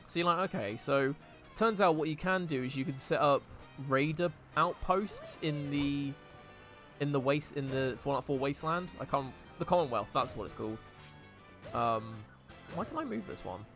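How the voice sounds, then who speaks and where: A man's voice: a little high, normal speed, a bit bright, soft background music. A man streaming a video game and chatting casually, rambling with many fillers and restarts. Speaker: live streamer. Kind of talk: casual gameplay chat.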